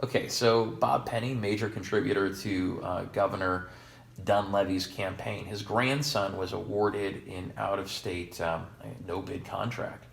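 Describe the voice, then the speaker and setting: Rambling sarcastic man, low voice. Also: fairly even intonation, a little slow, gravelly, slight background noise. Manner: rambling, sarcastic, jokey asides. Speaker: podcast co-host. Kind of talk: casual chat. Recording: echoey room.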